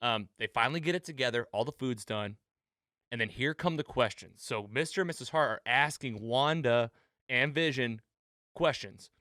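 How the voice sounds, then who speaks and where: A man hosting a casual recap chat, retelling scenes with animated quotes. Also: mid-range voice, normal speed, no echo, studio quality. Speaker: podcast host.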